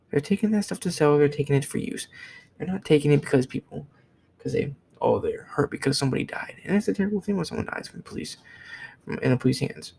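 A man's voice: fairly high pitch, creaky, warm tone, slight background noise, poor audio. A young man from the United States giving a blunt, profane opinion rant to camera, repeating himself as he talks. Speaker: vlogger.

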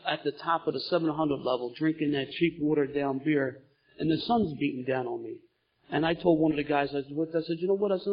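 A middle-aged man speaks to a meeting room, his voice husky and slightly high. He tells his story in an animated way, his voice rising as the tale gets wilder. The recording sounds dull and lo-fi. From Philadelphia, USA. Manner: animated storytelling, gets loud and laughing at funny parts. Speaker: recovering alcoholic sharing his story. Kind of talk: recovery meeting talk. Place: meeting room in front of an audience.

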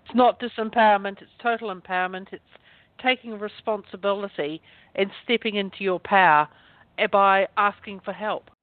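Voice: mid-range voice, fairly even intonation, normal speed, no room sound. A radio host in a spiritual interview, giving brief, affirming replies. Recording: dry tinny phone-line sound.

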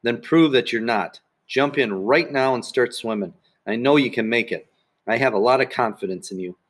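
A man's voice: medium pitch, normal speed, natural voice. A man reading aloud voices a patient young swim teacher who coaxes and cheers a child on. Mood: coaxing. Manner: coaxing, cheering. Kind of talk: audiobook reading.

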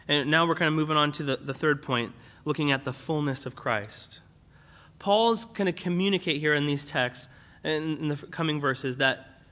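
A man's voice: a little high, pushed and bright. A young man preaching a sermon in a conversational way, with fillers and restarts as he explains a Bible passage. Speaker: pastor.

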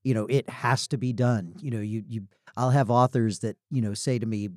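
A man's voice: mid-range voice, a little fast, hardly any pauses, no room sound, studio quality. A man hosting a podcast, speaking in an appreciative, conversational way. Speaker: podcast host. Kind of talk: casual podcast chat.

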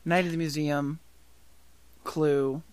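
A young woman with a very low voice co-hosts a casual movie podcast. She makes dry, wry remarks. The recording is dry and close, with no room echo. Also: flat delivery, slow, darkish tone, clear, resonant tone. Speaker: podcast co-host. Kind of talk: casual movie-review chat.

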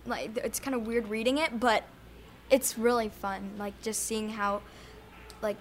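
Female guest actor, fairly high voice, shy and hesitant. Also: steady tone, unhurried, a little hiss or hum. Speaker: guest actor in a local play. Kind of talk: casual interview.

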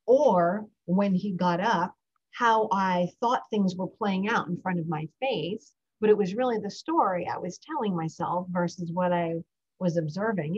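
A woman's voice: lowish voice, husky. A middle-aged woman hosting a parenting podcast, telling a story from her own life and guiding a short breathing exercise. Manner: warm reflective storytelling, guides breathing. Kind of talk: casual solo podcast talk. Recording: dull lo-fi recording.

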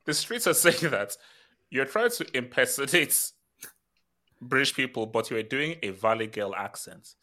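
A man's voice: medium pitch, expressive, measured pace, pushed and bright. A man co-hosting a casual football podcast, teasing and interrupting with bursts of laughter. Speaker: podcast co-host.

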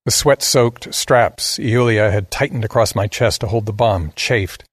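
A man narrating a first-person science fiction story in a measured, grave way. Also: on the low side, slightly rough, no echo, clean studio sound.

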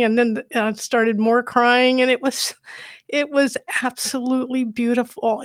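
A woman telling a personal faith story in a soft, emotional way, during a conversation. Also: a little high, no echo, studio quality.

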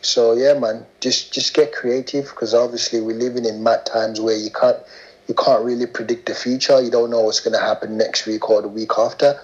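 A man's voice: medium pitch, level tone, normal speed, a little mellow. A man co-hosting a podcast, slangy and swearing in casual banter. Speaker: podcast co-host. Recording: dull lo-fi podcast sound.

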